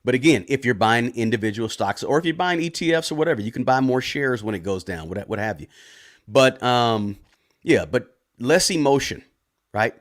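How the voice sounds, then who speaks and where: A man hosting a personal finance channel, answering viewer questions live in a loud, casual way and often ending points with a tag question. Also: medium pitch, animated, moderate pace. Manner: talks loud, tag questions, frequent restarts.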